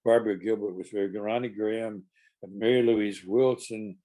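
A man's voice: fairly low pitch, fairly even intonation, moderate pace, warm tone. An older man, a stage actor, telling a rambling, amused backstage anecdote with frequent restarts. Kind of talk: casual anecdotal storytelling.

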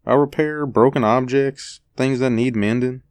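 A man's voice: mid-range voice, steady tone, normal speed, darkish tone, no room sound, lightly acted. A man voicing a timid young repairman who murmurs hesitantly and uneasily. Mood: uncertain.

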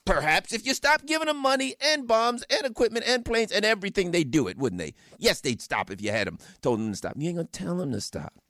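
A middle-aged man delivers furious political commentary, his voice leaping up and down with animated force. He speaks a little higher than most men and hammers his points home with rhetorical questions. The sound is dry and close. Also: quick pace, hardly any pauses, no room sound. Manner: fiery, emphatic, rhetorical questions and mocking quoted voices. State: angry. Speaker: radio guest commentator.

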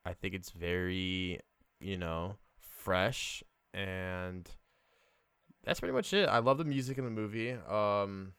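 A young man co-hosting a casual movie chat, talking haltingly with many fillers and restarts. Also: sits low, fairly bright tone, clean tone, no echo. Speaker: podcast co-host.

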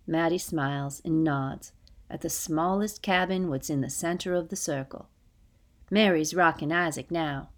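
Gentle woman narrating a storybook. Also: low-pitched, unhurried. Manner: gentle, dialect-inflected storytelling with quiet hushed passages. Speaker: audiobook narrator. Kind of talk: scripted storybook narration in first person.

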